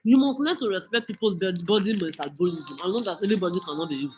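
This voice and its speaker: A woman's voice: fairly low pitch, quick pace, a little mellow, a little hiss or hum, poor audio. Nigerian woman vlogger, furious scolding rant with a lot of swearing. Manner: cursing, scolding, mixes in Pidgin. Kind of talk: angry rant monologue.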